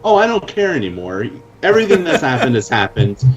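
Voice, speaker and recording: A man's voice: mid-range voice, huge pitch swings, brisk. A man playing a tabletop game with wry, swearing banter. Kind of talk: casual play over a call.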